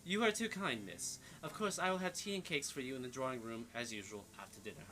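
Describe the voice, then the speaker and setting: A meek, well-mannered young housemaid, voiced by a man playing a story game. She speaks softly and humbly, eager to please. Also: medium pitch, expressive, fast talker. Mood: deferential. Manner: humble, deferential.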